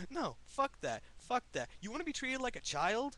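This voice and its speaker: A man's voice: very high-pitched, wildly swooping pitch, normal speed, few pauses, bright, forceful tone. A young American man ranting angrily in a profane, confrontational political vlog. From United States. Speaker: vlogger. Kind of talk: angry political rant vlog.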